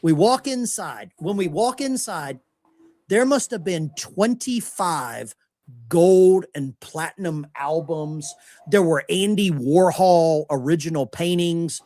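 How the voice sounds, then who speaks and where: A man's voice: fairly high pitch, slow, darkish tone. A middle-aged American man telling anecdotes in casual podcast chat and acting out the people he quotes. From United States. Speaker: podcast host.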